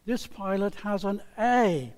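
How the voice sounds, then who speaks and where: A man with a notably high voice opens a sermon in a folksy way, full of "uh"s and light jokes. He talks slowly, and his voice carries a long reverb, as if filling a large hall. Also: expressive, darkish tone, clean tone. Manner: folksy, with many fillers and small jokes. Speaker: pastor.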